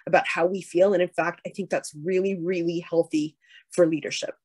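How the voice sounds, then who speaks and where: A middle-aged woman from Canada speaks candidly in a keynote address, her voice a little low. She pauses often with fillers and restarts. The sound is close and dry. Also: fairly even intonation, darkish tone, breathy edge, dry recording. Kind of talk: keynote speech.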